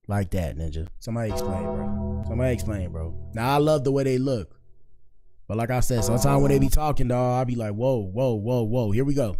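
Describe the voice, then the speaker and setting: A man from Miami hosting a casual reaction show, rambling in slang and giving frequent shout-outs. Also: fairly low pitch. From Miami, Florida. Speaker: commentary show host.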